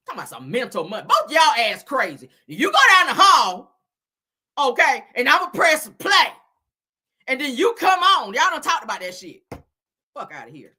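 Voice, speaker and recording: Husky, lively woman hosting a livestream. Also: sits high, normal speed. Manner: loud, laughing, swearing, dramatic exclamations. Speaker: commentary livestream host. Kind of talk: casual live commentary.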